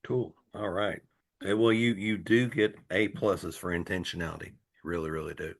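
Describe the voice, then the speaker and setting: A man's voice: sits low, steady tone, normal speed, gravelly. A man from Tennessee hosting a group discussion, encouraging and friendly with the participants. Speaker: host.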